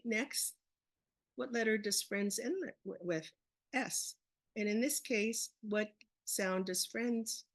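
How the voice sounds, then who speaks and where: In a mid-range voice with no room sound, a woman runs an early-reading webinar. She breaks her teaching down step by step and answers the very questions she asks.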